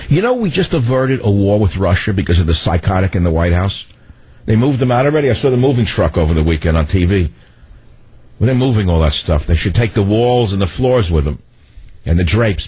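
An older man hosting political talk radio, ranting in a loud, commanding voice. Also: deep voice, no echo. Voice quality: husky. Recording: dull lo-fi radio broadcast.

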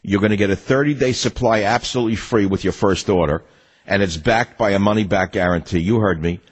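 A man's voice: on the low side, brisk, husky, rough recording. An older man hosting a political talk radio show, reading an ad and then ranting in a combative, mocking way.

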